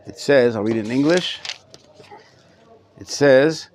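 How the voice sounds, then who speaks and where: A man's voice: medium pitch, unhurried, long pauses, darkish tone, slight background noise. A middle-aged man, a rabbi, teaching a live class to students in a study hall, often repeating words as he thinks aloud. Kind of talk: live Torah class lecture.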